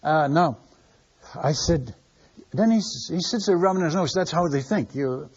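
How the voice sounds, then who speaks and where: A man's voice: a little high, expressive, normal speed, a little mellow, husky. An older man and missionary preacher, telling stories in a folksy, conversational sermon style with a chuckle in his voice. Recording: dull lo-fi sermon recording.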